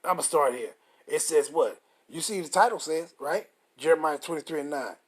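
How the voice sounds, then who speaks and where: Husky man fiercely preaching over scripture. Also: a little high. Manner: profane and combative, reads verses slowly and forcefully. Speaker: scripture commentator. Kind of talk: reading scripture with heated commentary.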